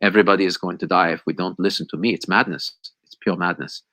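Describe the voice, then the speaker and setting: An alarmist middle-aged male scientist with a European accent, put on by a man in mockery declares catastrophe in a low, pointed voice. The doom is laid on thick and pompous. The sound is close and dry. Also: steady tone, fast talker, sharp tone, dry recording. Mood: alarmed. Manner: mocking, overblown doom-laden pronouncements.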